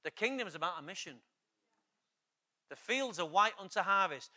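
A male pastor, preaching an urgent, exhorting sermon that builds to loud, emphatic passages. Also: high-pitched, expressive, moderate pace.

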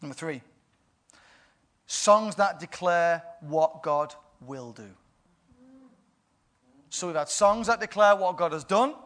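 A man preaching a sermon in a playful way, often laughing and building to loud bursts. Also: a little high, animated, slow pace, pauses often.

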